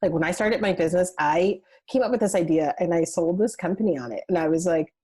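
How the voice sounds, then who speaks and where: Young adult woman podcast host; chatty, rambling storyteller with a slightly low voice. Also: quick pace, dark tone, breathy edge. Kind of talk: casual interview chat.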